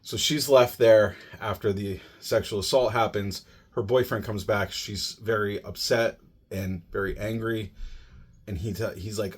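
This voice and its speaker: Male podcast reviewer, somewhat low register, relaxed chatty delivery with plenty of filler words. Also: unhurried, husky. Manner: conversational, many "you know" and "like" fillers. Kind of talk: casual plot summary.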